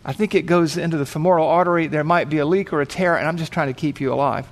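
A man voicing a calm woman paramedic who explains patiently and reassures an injured biker, told as a story within a sermon. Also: fairly high pitch, quick pace, natural voice. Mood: reassuring.

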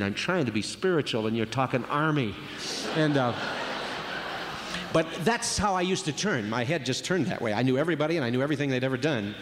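A man's voice: mid-range voice, a little hiss or hum. A man giving a conversational sermon on marriage, acting out quoted voices as he goes. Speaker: speaker at a marriage retreat. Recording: long reverb of a large hall.

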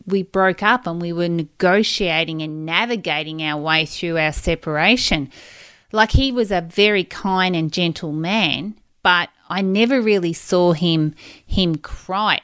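Slow, candid woman podcaster. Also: on the low side, a bit bright, clean tone, no echo, clean studio sound. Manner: candid, emotional, rambling storytelling. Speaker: podcast host. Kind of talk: personal podcast monologue.

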